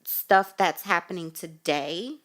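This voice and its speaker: A woman's voice: fairly low pitch, takes it slowly, fairly bright tone. A woman co-hosting a casual podcast, chatty and inclined to explain things at length. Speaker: podcast co-host. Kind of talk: casual chat.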